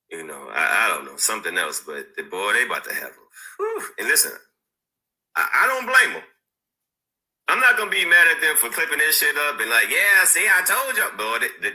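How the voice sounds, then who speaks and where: Guy in a clip, rambling and hesitant, bright lively voice. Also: fairly low pitch, low-quality recording.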